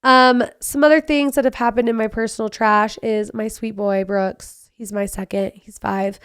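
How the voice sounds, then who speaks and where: Chatty woman podcaster, bright and lively. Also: a little high, smooth. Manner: chatty, animated storytelling with quick asides. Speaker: podcast host. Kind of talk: casual solo podcast chat.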